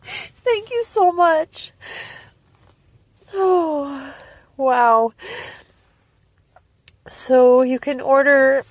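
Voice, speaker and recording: A woman's voice: fairly high pitch, vocal fry, dry recording. A woman fan vlogger talking casually to viewers, emotional, gushing, and often laughing through tears. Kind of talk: casual fan vlog reaction.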